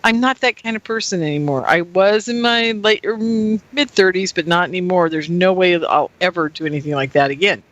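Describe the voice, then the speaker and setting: Radio host lady rambling on her show, laughs a lot, bright voice, dry close mic. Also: on the low side, a little fast, hardly any pauses, no echo, low-quality recording. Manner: rambling, animated, laughs often. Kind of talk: casual personal monologue.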